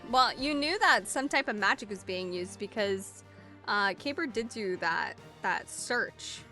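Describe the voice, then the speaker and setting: A woman's voice: mid-range voice, expressive, a little slow, bright, forceful tone. A woman streaming as game master of a tabletop game, narrating the action and teasing her players with laughs and swearing. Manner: giggly, swears freely, playful teasing. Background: faint music.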